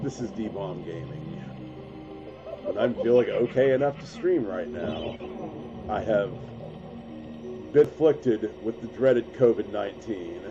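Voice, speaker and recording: A male gaming streamer in a casual, chatty live commentary, congested and coughing from a cold. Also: lowish voice. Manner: relaxed, chatty, self-mocking jokes. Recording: dull lo-fi stream audio with game music. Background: game music.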